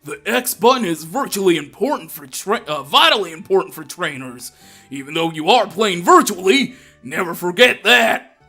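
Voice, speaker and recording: A man doing a husky Southern-drawl dad. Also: sits high, big pitch swings, normal speed, pushed and bright, soft background music, full character voice. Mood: folksy. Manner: folksy, drawling. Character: friendly middle-aged dad giving advice. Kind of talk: reading game dialogue aloud.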